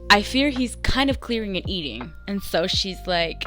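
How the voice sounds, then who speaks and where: A woman's voice: on the low side, normal speed, faint music behind. Chatty young woman recapping stories. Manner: chatty, animated, acts out dialogue in bursts. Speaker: vlogger reading fanfiction aloud. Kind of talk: casual reading and recap.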